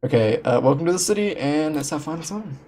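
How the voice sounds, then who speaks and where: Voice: mid-range voice, animated, fast talker, dark tone. A game streamer chatting casually on a home stream, rambling with restarts and frequent laughs. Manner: rambling, laughing, self-deprecating. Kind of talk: casual live-stream chat. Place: home room.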